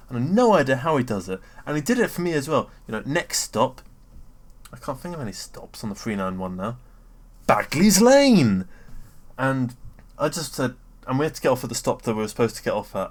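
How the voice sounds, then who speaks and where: A young British man vlogs a casual, rambling rant, swearing freely and filling gaps with "um." He interrupts his own sentences and is excitable, often bursting up in pitch and volume.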